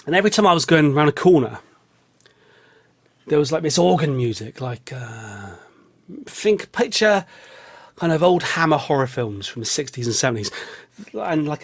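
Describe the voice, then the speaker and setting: A man with a London accent and a voice pitched a touch high, rambling through a comic monologue. He mocks himself as he goes, jumping from loud, high bursts down to low mutters. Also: expressive, moderate pace, pauses often. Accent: English, London. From England. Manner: rambling, self-mocking, big swings of voice. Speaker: vlogger. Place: small hot studio.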